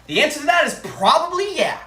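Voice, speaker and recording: A woman's voice: high-pitched, big pitch swings, quick pace, pushed and bright, reverberant. A woman streamer telling a story in an angry, profane rant, repeating phrases for emphasis. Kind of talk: ranting live-stream story.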